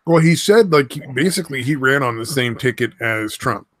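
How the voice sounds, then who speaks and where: Blunt, halting man in casual talk, dry close sound. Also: mid-range voice, lively intonation, fairly bright tone, dry recording. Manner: blunt, hesitant with repeated words. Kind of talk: casual political chat.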